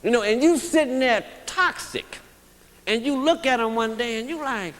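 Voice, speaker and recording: A man's voice: extremely high pitch, expressive, normal speed, a bit bright. A man speaking to a recovery group, blunt and emphatic, often checking in with the audience. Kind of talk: motivational recovery talk. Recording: long reverb of a hall.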